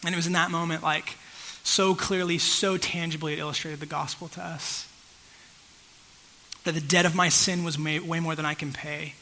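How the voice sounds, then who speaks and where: A man's voice: fairly high pitch, fairly even intonation, normal speed, bright, forceful tone, a little hiss or hum, rough recording. A pastor telling a personal story in a conversational sermon, often checking in with his listeners.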